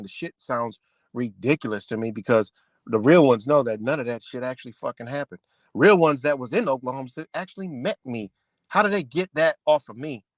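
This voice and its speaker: A man's voice: mid-range voice, no echo. Profane, heated man ranting live. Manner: profane, confrontational, repetitive. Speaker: livestream host. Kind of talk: heated livestream rant.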